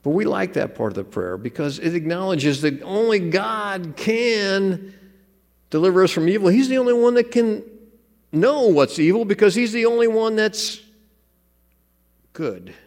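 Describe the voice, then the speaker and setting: Male pastor, animated sermon delivery, slightly high voice, long hall reverb. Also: measured pace. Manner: conversational, joking asides.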